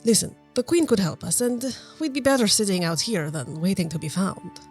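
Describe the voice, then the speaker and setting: A woman's voice: mid-range voice, lively intonation, normal speed, darkish tone, breathy edge, faint music behind. A woman voicing a pushy man who argues his case firmly. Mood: insistent. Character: pushy man arguing over charts.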